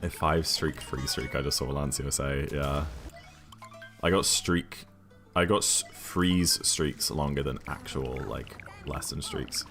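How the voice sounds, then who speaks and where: A man's voice: very deep voice, fairly even intonation, a little slow, fairly bright tone, soft background music. A British man streaming a video game, chatting casually and thinking aloud while answering viewers' questions. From United Kingdom.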